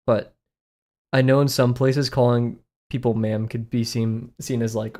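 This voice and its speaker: A man's voice: medium pitch, level tone, a little slow, darkish tone. A young man with a Southern US accent, thinking aloud in a casual live stream as he draws, rambling and self-deprecating and often chuckling. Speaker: art streamer.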